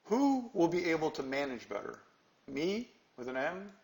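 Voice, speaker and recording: A man's voice: on the high side, big pitch swings, moderate pace, darkish tone, reverberant, poor audio. A man teaching a live trading class, emphatic and quizzing his students with questions. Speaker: trading instructor.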